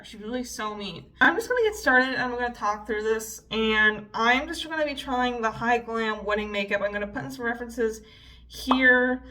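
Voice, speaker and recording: A woman's voice: a little high, pushed and bright. A woman in her twenties chatting casually and swearing freely while doing her makeup for a beauty vlog. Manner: chatty, profane, storytelling. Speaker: beauty vlogger. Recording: voice a bit distant from the mic.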